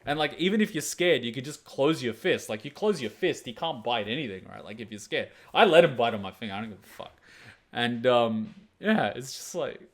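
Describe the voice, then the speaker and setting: A young man spins a loose, swear-filled story, chatting off the cuff and breaking into laughs. His voice sits at an ordinary middle pitch. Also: expressive, fairly quick. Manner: rambling, profane, laughs a lot, acts out voices. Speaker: anime reaction channel host. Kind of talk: casual storytelling chat.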